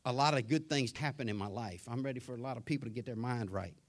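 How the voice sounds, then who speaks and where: A middle-aged male pastor delivering a sermon in a church sanctuary. He climbs to loud, emphatic declarations, then drops to a soft, hushed voice for a personal story. His pitch sits in a medium range. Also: fast talker.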